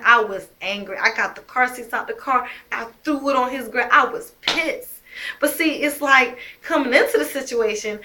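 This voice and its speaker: A woman's voice: high-pitched, sharp tone, a little hiss or hum. A young woman telling her own story as a mother, emphatic and heated, swearing often. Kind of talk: emotional personal storytelling.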